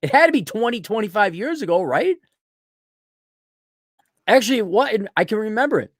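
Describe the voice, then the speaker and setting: A middle-aged man hosting a livestream, reading viewer donations and ranting bluntly with profanity, frequent throat-clearing, and a voice that is giving out. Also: sits high, big pitch swings, moderate pace, dry recording, studio quality. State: losing his voice. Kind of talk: blunt opinionated livestream rant.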